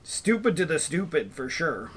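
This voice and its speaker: A man's voice: big pitch swings, normal speed. Man, hobby streamer, casual chat at the workbench, bouncy voice with lots of swing, faint hiss behind. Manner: chatty, self-deprecating, talks to himself as he works; breaks into high sing-song baby talk. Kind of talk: casual chat while assembling miniatures.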